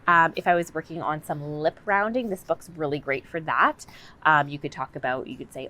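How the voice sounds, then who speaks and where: A woman's voice: low-pitched, a little fast, pushed and bright. A woman speech and language assistant, explaining practice tips in a conversational way. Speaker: communicative disorders assistant.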